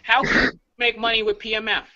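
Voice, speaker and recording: A bright, high-voiced man from New York coaches his team over a dull, lo-fi video call. He talks fast and emphatically and keeps checking in with "all right?". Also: little pitch movement. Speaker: leadership coach.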